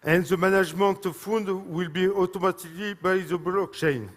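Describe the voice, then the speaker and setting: A man with a French accent speaks from a stage at a live event, his voice fairly high for a man and trailing off into a long hall reverb. He is emotional and halting, leaning on fillers and apologizing as he goes. Each phrase rings out through the large room. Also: fairly even intonation. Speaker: speaker presenting a product.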